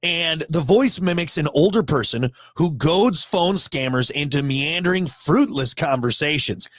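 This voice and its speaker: A man's voice: a little high, expressive, a little slow, dry recording. A man co-hosting a casual talk show, rambling and joking with frequent restarts. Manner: rambling, jokey, many restarts. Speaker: co-host. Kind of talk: casual chat.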